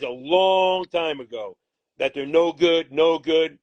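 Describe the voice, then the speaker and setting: A man talking in a heated interview, his voice pitched on the high side and his speech blunt and full of profanity. The sound is dry and close, with no room echo. He comes across as combative and fired up. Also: measured pace, lo-fi sound. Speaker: boxing manager.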